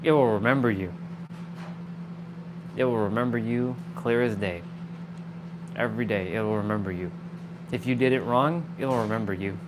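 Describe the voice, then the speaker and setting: A man hosting a livestream, talking casually and telling an animated story, swearing freely. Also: on the low side, normal speed, long pauses, background noise. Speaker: livestream host.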